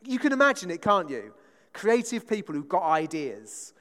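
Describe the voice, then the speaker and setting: A man preaching a casual, conversational sermon, voice sitting a little high for a man. He keeps drawing the congregation in with quick questions. His words ring out with a long church-hall reverb. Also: very animated, fairly bright tone. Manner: chatty, often asks the congregation "right?".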